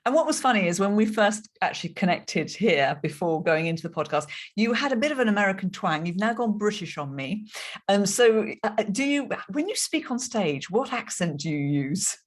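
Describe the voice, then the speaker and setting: A woman's voice: medium pitch, expressive, normal speed. Woman podcast host, bouncy up and down voice, playful teasing questions. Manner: warmly enthusiastic, playful questions. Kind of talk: conversational podcast interview.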